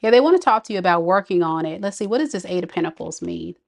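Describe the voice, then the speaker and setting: A woman's voice: fairly low pitch, expressive, fast, creaky. A woman giving a live tarot reading, talking casually and reacting to viewer comments. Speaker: tarot reader.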